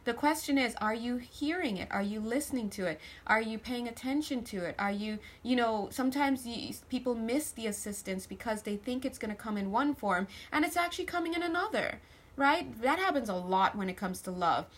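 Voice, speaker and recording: A woman's voice: fairly high pitch, expressive, fairly quick. A woman giving a casual spiritual tarot reading to camera, chatty and joking with viewers, often restarting her sentences. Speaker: tarot reader.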